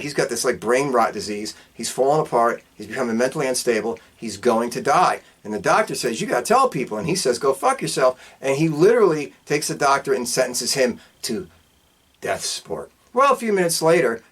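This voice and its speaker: Male podcast host, mid-pitched, casual and profane, rambling film recap. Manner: loose and profane, with catchphrase asides.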